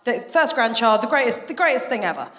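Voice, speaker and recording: A woman's voice: fairly high pitch, big pitch swings, a bit bright. A woman performing a live stand-up set on a theatre stage, brash and sweary, acting out the people in her stories. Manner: brash, swearing, quick act-outs of others. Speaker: stand-up comedian. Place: theatre stage before a laughing audience. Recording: roomy hall reverb, live venue.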